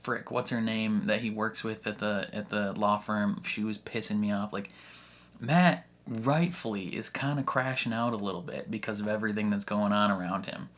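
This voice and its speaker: A man hosting a casual reaction video, ranting in an animated, exasperated way and swearing often. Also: lowish voice, moderate pace.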